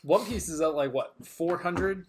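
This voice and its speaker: A man co-hosting a casual podcast chat, giving his opinions in a relaxed way. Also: high voice, a little slow, crowd noise. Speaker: podcast co-host.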